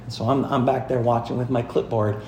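A man's voice: mid-range voice, level tone, a little fast, darkish tone, a little hiss or hum. Emphatic man preaching in an echoey sanctuary. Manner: storytelling, emphatic, addresses congregation directly. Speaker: pastor. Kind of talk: sermon. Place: church sanctuary.

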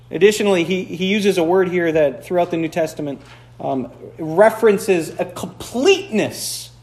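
A man's voice: sits high, darkish tone, roomy sound. A man from the Upper Peninsula of Michigan, preaching a conversational sermon with playful asides, recorded in a church. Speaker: pastor.

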